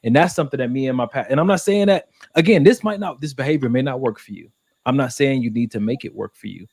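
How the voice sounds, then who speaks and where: A man in his thirties talks through relationship questions on a casual podcast, earnest and reflective. His voice sits at an ordinary middle pitch and is recorded close and dry with no room sound. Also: fast, a little mellow, breathy edge, no room sound. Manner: earnest, reflective, speeds up when making a point. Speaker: podcast co-host.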